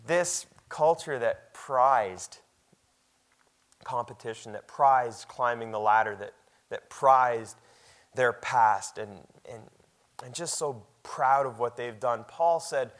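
A man's voice: mid-range voice, slow pace. Conversational male preacher, voice rising on scripture. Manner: conversational, repeats words, rises loud reading scripture. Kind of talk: sermon.

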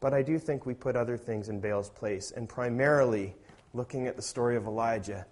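A man preaching a sermon as a pastor, talking in a conversational way and growing loud and emphatic when he reads scripture aloud. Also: mid-range voice, fairly quick.

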